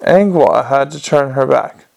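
A man reading a comic novel aloud as a narrator, in a wry, measured storytelling manner. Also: mid-range voice, creaky, darkish tone. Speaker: audiobook narrator. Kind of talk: scripted narration.

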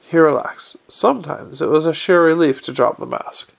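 A man's voice: a little high, moderate pace, vocal fry. A man reading an audiobook in a dry, understated narrating manner. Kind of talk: scripted narration.

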